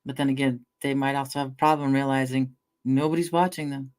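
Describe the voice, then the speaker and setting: A woman's voice: extremely low pitch, steady tone, fairly quick, a little mellow. Middle-aged woman rambling through stories. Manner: rambling storyteller, swears casually, talks to chat. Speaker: livestreamer. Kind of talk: casual livestream chat.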